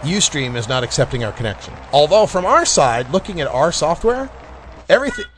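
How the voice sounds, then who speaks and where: A man's voice: on the high side, very animated, fairly quick, slight background noise. A man hosting a casual cannabis talk radio show, rambling and jokey, laughing often. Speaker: podcast host.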